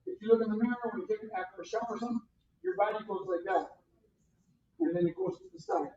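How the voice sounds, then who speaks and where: Karate instructor, sing-song lively counting, distant and roomy hall sound, dull muffled recording. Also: mid-range voice, fast talker, creaky, noisy background. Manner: counts out drills and barks punch commands; lively, loud bursts on each count. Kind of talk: teaching a beginner class.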